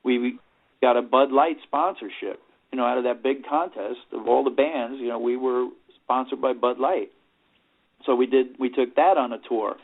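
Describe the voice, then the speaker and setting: Appearing as an interview guest, a middle-aged New York rock singer rambles through casual road stories, often pausing on "you know." His ordinary male pitch is slightly rough, with fairly even intonation and a moderate pace. The sound is thin and tinny, like a phone line.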